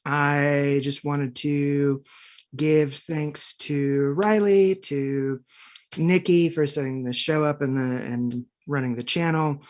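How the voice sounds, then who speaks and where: A tabletop game player giving casual closing thanks on a live stream, in a loose, rambling way with many ums and uhs. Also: mid-range voice.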